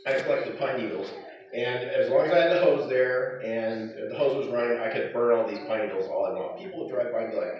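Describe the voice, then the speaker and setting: A man's voice: mid-range voice, fast talker, slight background noise. A middle-aged man giving a eulogy for his father, telling fond stories with chuckles in between. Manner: fond storytelling broken by chuckles. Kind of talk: eulogy with personal anecdotes. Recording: echoey hall, distant, dull.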